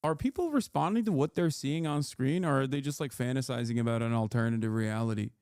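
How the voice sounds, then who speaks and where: A man's voice: mid-range voice, fast talker, a little mellow, clean tone, no echo, studio quality. A man streaming live, reacting to videos with sarcastic, mocking commentary.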